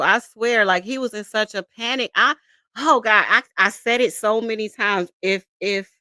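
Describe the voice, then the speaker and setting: A woman's voice: medium pitch, sharp tone, no room sound, clean studio sound. A woman hosting casual commentary, talking in slang and laughing often as she reacts to a video. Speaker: commentary channel host.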